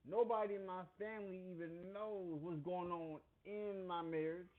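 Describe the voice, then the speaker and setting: A married man speaking slowly and earnestly in a casual monologue, sounding a little preachy. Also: high-pitched, steady tone. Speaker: married man giving his view. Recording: phone-like, lo-fi audio.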